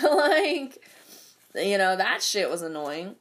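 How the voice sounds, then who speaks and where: A woman's voice: mid-range voice, big pitch swings, slow pace. Casual rant from a young woman, cursing and rambling, heavy on filler words. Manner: profane, rambling, lots of fillers.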